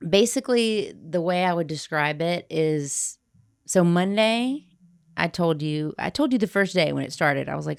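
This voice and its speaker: Low gravelly woman, casual podcast chat. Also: lively intonation, normal speed, no room sound, clean studio sound. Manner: blunt, crude, laughing. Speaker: podcast co-host.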